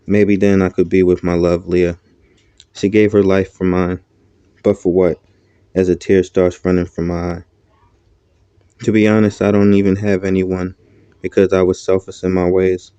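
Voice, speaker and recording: Male audiobook narrator; somber, dark, dry voice. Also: sits low, level tone, moderate pace, long pauses, smooth, no echo. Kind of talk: first-person audiobook narration.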